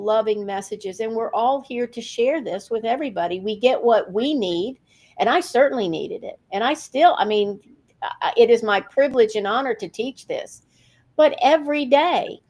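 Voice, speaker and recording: An older woman from rural Virginia, a spiritual teacher telling stories in an interview, lively with laughs and restarts. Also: fairly high pitch. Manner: animated storytelling with laughs and restarts. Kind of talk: interview conversation.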